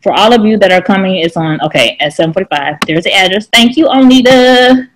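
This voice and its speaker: A woman's voice: mid-range voice, expressive, fairly quick, a little hiss or hum, poor audio. A woman giving a chatty, emphatic coaching talk to her team, answering their questions as a team leader.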